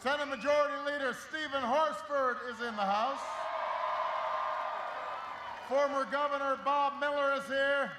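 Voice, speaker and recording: A man's voice: very high voice, steady tone, unhurried, pauses often, reverberant, heavy background noise. A man giving a rousing campaign speech at a rally, raising his voice over the crowd. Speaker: political speaker at a rally. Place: large rally venue.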